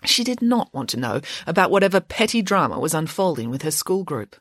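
A woman reads a children's story with a lively, swooping delivery at a middle pitch. The recording is dry and close, with no room sound. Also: brisk, slightly rough, dry recording. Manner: expressive, animated reading.

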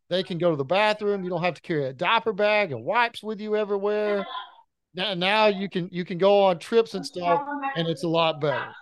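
A man in his thirties, a podcast co-host telling rambling, animated stories about his kids in casual chat. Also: high voice, no echo.

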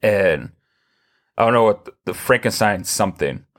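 A man with a fairly low voice hosts a relaxed podcast conversation. He tells long, rambling stories full of restarts and fillers, and his voice jumps higher when he gets animated. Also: moderate pace. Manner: rambling, animated storytelling with many restarts and laughs. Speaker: podcast host. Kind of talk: casual chat.

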